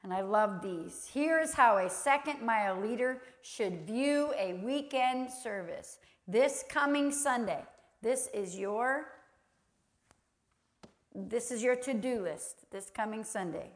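High-voiced woman preaching slowly. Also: expressive. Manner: acts out little quoted voices, laughs easily. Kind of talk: sermon.

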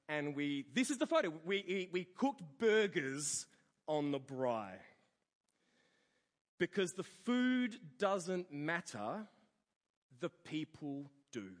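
A man preaching a sermon, telling a story and acting out the people in it. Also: sits high. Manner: storytelling with animated quoted voices. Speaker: pastor. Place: church hall. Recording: long church hall reverb.

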